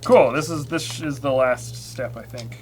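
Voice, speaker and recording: A man co-hosting a live build stream, chatting casually in a relaxed, rambling way with lots of fillers. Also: mid-range voice, unhurried, low-quality recording. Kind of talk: casual chat while building.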